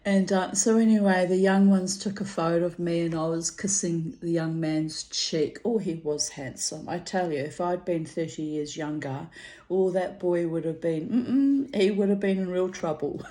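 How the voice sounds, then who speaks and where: A woman's voice: fairly low pitch, steady tone, moderate pace, dark tone. An older woman, rambling through a personal story in a chatty way, laughing often. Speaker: vlogger.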